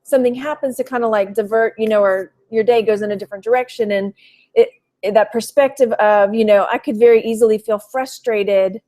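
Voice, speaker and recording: A middle-aged woman from Texas speaks in a slightly high voice, chatting casually to viewers of a live stream. She rambles, fills pauses with "you know" and "um," and stops to greet people in the chat. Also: steady tone, warm tone. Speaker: thrift reseller vlogger.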